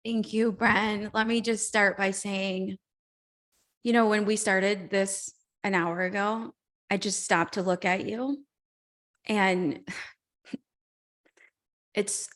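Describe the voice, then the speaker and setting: Brief: woman life coach, warm encouraging speaker on a video call, earnest and heartfelt. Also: mid-range voice. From Mexico. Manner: heartfelt, encouraging, with soft laughs. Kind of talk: motivational talk on a video call.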